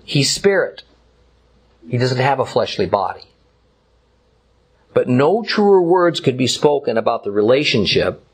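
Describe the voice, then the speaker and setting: A male Bible teacher works through scripture verse by verse in a deliberate, emphatic way. His delivery is slow and unhurried, and his pitch moves in lively swings. The voice carries a husky grain.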